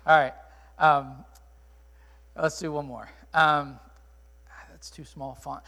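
High-voiced pastor in a reverberant hall. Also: male voice, pushed and bright. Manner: conversational and candid, with frequent ums and restarts. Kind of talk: sermon Q&A to a live congregation. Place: church auditorium. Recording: long reverb of a large hall.

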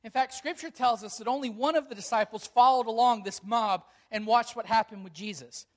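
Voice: mid-range voice, a little fast. A pastor preaching a sermon to a congregation, retelling a story with earnest emphasis.

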